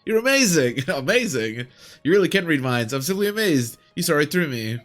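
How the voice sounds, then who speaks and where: A man's voice: medium pitch, steady tone, fast, faint music behind, close to an everyday voice. A man reading as a young earnest prince. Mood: excited. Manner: plain read-aloud of game text. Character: young earnest male prince, anxious and eager.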